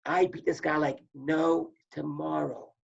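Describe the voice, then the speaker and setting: A man, a former wrestler and coach, telling stories in casual chat, animated and acting out the people he quotes. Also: on the high side, a little slow, vocal fry, breathy edge. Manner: animated, acts out quoted voices, repeats words. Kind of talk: casual storytelling. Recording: muffled lo-fi audio.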